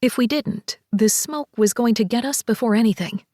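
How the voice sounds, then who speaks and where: A woman narrating a romance audiobook in the first person, with a slightly high, bright voice. Her reading is expressive and she voices each character. It is a dry, close studio recording. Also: moderate pace, no room sound.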